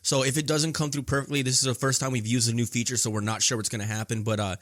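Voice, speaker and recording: A man co-hosting a podcast in casual chat, excitable and swearing, from Ireland. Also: mid-range voice, fast talker, no echo, studio quality. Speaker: podcast co-host.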